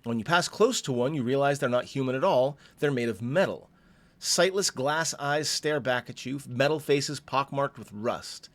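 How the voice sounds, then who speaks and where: A man's voice: medium pitch, moderate pace. A man hosting a game playthrough, reading the story text aloud and breaking off for chatty asides. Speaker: let's play host.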